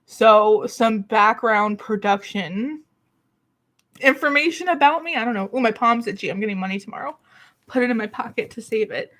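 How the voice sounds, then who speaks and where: A woman's voice: a little high, normal speed, fairly bright tone. Breathless chatty woman vlogging at home. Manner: rambling, self-deprecating, laughs often. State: out of breath, coughing. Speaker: beauty YouTuber. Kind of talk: casual chatty vlog. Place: small city apartment alcove.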